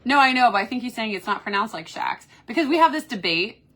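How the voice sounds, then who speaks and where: A bright-voiced woman with a Kentucky accent hosts a casual live stream from her cruise ship cabin. She talks in an upbeat, chatty way, reacting to viewer comments. The sound is from a phone in a small cabin. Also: fairly high pitch, expressive, fast. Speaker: cruise vlogger host.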